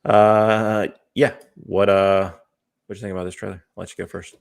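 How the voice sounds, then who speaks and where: A man co-hosting a podcast, chatting casually about movie trailers with a relaxed, hesitant delivery full of fillers. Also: sits low, normal speed, vocal fry, clean tone. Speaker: podcast co-host.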